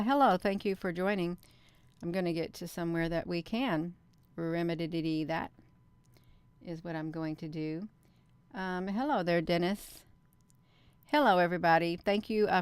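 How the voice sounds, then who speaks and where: A woman's voice: on the low side, clear, resonant tone, no room sound. A woman hosting a casual livestream, chatting to her viewers and often talking to herself as she works. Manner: chatty, often addresses viewers as "you all", talks to herself. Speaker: livestream host.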